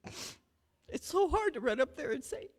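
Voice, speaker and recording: A woman giving a heartfelt family eulogy at a memorial, telling stories slowly. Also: high voice, sing-song. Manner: heartfelt, slow storytelling. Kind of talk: memorial remembrance speech. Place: memorial gathering hall. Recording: long hall reverb.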